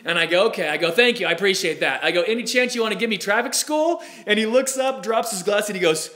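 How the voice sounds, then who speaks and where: Bright, high-voiced man telling a story. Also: fast talker. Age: 40s. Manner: animated, acts out quoted voices. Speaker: speaker. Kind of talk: storytelling talk.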